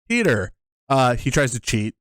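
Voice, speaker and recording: Another man co-hosting the movie review podcast rambles profanely through plot holes, frequently starting his sentences over. He speaks at medium pitch with big swings, a moderate pace and a fairly bright tone. The sound is clean studio audio with no room sound.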